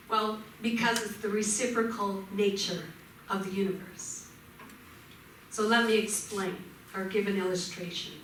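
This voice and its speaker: Slow, bright-voiced woman minister preaching. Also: fairly high pitch, slight background noise. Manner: gentle storytelling with vivid voiced shouts. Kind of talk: sermon. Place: church sanctuary. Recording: echoey church hall from far off.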